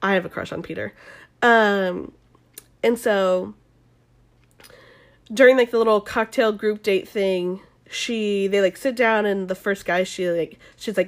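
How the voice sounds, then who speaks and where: A woman's voice: mid-range voice, unhurried. A young woman talks casually in a gossipy, swear-heavy way, filling her speech with "like." Her voice sits in a middling register. She recaps like a vlogger talking to her viewers. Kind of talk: casual chat recapping a reality show.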